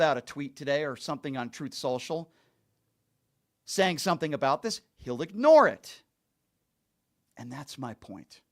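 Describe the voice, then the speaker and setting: A man's voice: on the high side, very animated, measured pace, pauses often. A man hosting a call-in talk show, speaking earnestly and emphatically and repeating his points for stress.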